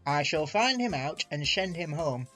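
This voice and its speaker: A man's voice: on the high side, very animated, normal speed, a bit bright, soft background music. A man voicing a stern, commanding railway boss with clipped speech.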